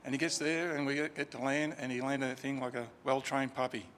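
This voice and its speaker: A man's voice: medium pitch, level tone, a little fast, a bit bright, slight background noise. A man telling a chatty, informal story about a friend at a funeral in a crematorium chapel, with fillers and restarts. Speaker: funeral eulogy speaker. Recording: reverberant chapel, faint ambience.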